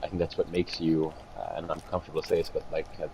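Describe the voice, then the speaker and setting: A man's voice: a bass voice, fast talker, creaky, crowd noise, poor audio. A man co-hosting a podcast who stammers through long questions to his guest. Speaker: podcast co-host. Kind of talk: casual podcast interview. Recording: audible background noise.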